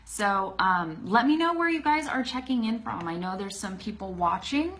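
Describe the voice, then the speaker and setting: A woman's voice: mid-range voice, animated, moderate pace, a bit bright, a little hiss or hum. A woman with a Californian accent leads a casual English lesson on a live stream. Her talk is loose and chatty, full of "um"s and restarts. Her voice rises and falls as she leans on certain words. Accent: Californian American English. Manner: chatty and informal, lots of fillers and self-corrections. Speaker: English teacher. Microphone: phone.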